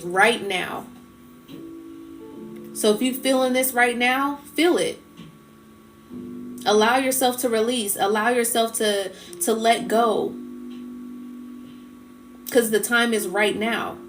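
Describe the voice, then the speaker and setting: A woman's voice: fairly high pitch, slow pace, long pauses, fairly bright tone, faint music behind. A woman speaking in on a casual livestream, preaching about emotions in an impassioned way and repeating her phrases. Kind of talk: casual live-stream talk.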